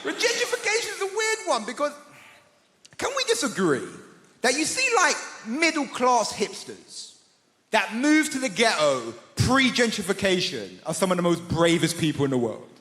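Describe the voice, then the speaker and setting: A man's voice: high voice, moderate pace. A man doing a stand-up set on a large theatre stage, chatty and conversational. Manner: lively, conversational, slips into voices of friends. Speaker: stand-up comedian. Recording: roomy theatre with long reverb and loud crowd noise.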